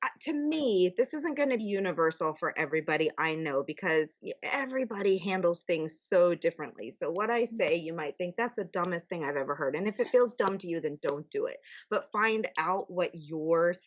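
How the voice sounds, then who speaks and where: A woman's voice: lowish voice, lively intonation, moderate pace, hardly any pauses, muffled recording. A woman guest in a candid podcast chat, chatty and laughing, with many restarts. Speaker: guest, publisher.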